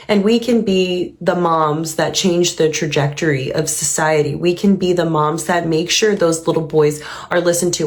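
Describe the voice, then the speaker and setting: A woman with a notably low voice talks through her reaction to a clip. Her delivery is earnest and reflective, thinking aloud as she goes. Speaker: reaction video host. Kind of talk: reaction commentary.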